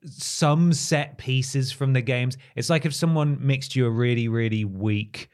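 A man's voice: medium pitch, darkish tone. A man co-hosting a casual film review podcast, chatty and wry. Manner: chatty, wry, quick asides. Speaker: podcast co-host.

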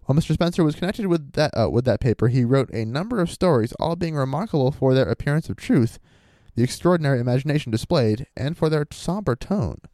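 A man's voice: medium pitch, animated, fast, mellow, dry recording, studio quality. A man co-hosting a podcast, telling a story in casual chat, reading quotes aloud and adding wry, sarcastic asides. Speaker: podcast co-host.

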